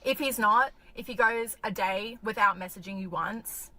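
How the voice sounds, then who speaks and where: Woman, mid pitch, bright edge, blunt profane advice-giver. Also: moderate pace, a little hiss or hum, poor audio. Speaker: dating advice video host. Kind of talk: lecturing dating advice.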